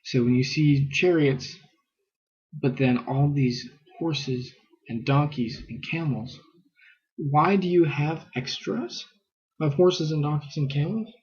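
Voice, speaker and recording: Husky man teaching scripture casually. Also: fairly high pitch, slow pace, darkish tone, highs cut off. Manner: thinking aloud with many fillers, reads passages aloud.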